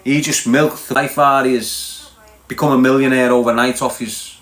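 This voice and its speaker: Bluntly lecturing the people watching live, this Liverpool-accented host delivers a casual rant and keeps asking if they understand. He talks at normal speed in a mid-range, level, fairly bright voice, in an echoey room.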